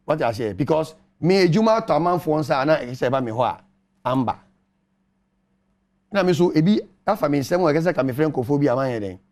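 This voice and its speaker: Emphatic Ghanaian man, high gravelly voice. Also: expressive, quick pace, few pauses, a little mellow. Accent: Ghanaian English. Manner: emphatic, argumentative, rhetorical questions. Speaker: panelist. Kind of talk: animated radio talk show commentary.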